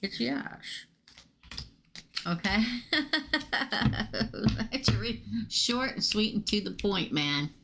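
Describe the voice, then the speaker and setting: A woman losing her voice, hosting a casual live tarot reading and chatting excitably with viewers she calls by name. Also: medium pitch, normal speed, gravelly, over music.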